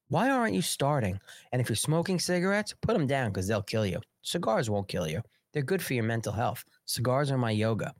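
Man, talk show host, ranting, sarcastic, self-interrupting, dry close sound. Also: dry recording. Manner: pitches his own products. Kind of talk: live political talk show monologue.

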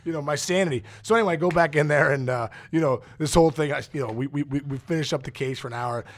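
A middle-aged man, a former ballplayer and podcast guest, telling a story with lots of excitement, acting out the quotes and laughing often. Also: fairly high pitch, fast. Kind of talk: animated storytelling.

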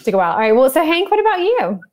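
A woman's voice: sits high, very animated, very fast, a little mellow. A woman hosting a casual chat, talking in a chatty way with lots of "like" and "um" fillers. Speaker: host.

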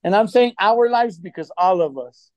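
A man's voice: high voice, animated, moderate pace, no echo, highs cut off. A man in casual chat, telling loose stories with plenty of swearing and slang.

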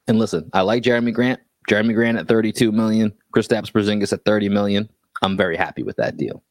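Easygoing podcast host. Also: male voice, lowish voice, fast talker, no echo. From Boston area. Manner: easygoing, stumbles and restarts when explaining. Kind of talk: casual sports podcast chat.

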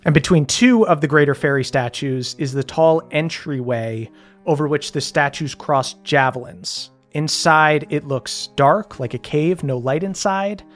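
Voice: mid-range voice, measured pace, faint music behind. Laid-back game master narrating. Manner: laid-back, many ums and uhs.

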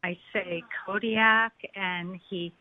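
A woman caller tells a story in a slow, halting way. Her voice is squeezed through a tinny phone line and sounds dry and close. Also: medium pitch, steady tone, dry recording. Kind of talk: telling a dream on air.

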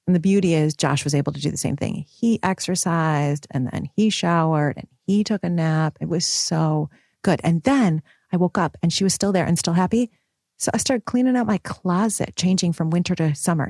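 A woman in her thirties talking to her audience in a casual, animated personal vlog. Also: lowish voice, no echo, studio quality. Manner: animated, expressive, swings between excited and soft. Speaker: mom vlogger and women's coach.

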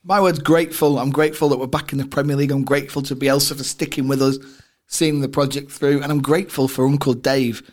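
A man's voice: mid-range voice, level tone, quick pace, a little mellow. A man co-hosting a casual football podcast. He talks in an easy, joking way and trades banter with his friends. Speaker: podcast co-host.

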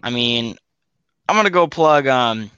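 A man's voice: mid-range voice, lively intonation, measured pace, bright, forceful tone, smooth, dry recording, muffled recording. A man as a podcast guest in casual chat, easygoing and hesitant, with lots of fillers.

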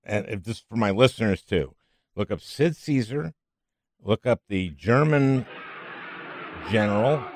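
A man's voice: on the low side, lively intonation, unhurried, pauses often. An older man hosting an interview, chatting in a joking, enthusiastic way and often repeating words for emphasis. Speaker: podcast host. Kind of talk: casual interview chat.

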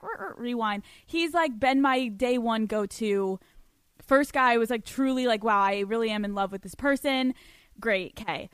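A woman podcast host with a high voice tells a story casually and with plenty of energy. She swears freely and often laughs between words. The sound is dry and close, with no room echo. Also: clean tone. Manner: animated, profane, laughs often mid-sentence.

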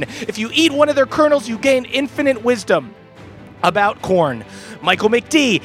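Male podcast host, voice nearly gone and hoarse, pitched very high; comedic shout-out read with a light music bed. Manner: playful, jokey delivery. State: hoarse, lost voice. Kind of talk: comedic patron shout-outs.

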